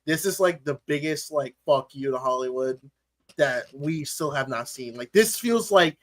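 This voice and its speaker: A man's voice: on the high side, lively intonation, normal speed. A man hosting a casual film review chat, rambling and opinionated with many fillers. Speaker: podcast host. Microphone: remote call mic.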